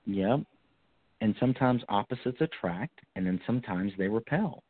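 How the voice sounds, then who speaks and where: A man's voice: lowish voice, animated, normal speed, no room sound. A man hosting a call-in psychic reading show, giving reassuring, coaching advice to callers. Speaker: psychic radio host. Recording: tinny phone-like line, dry.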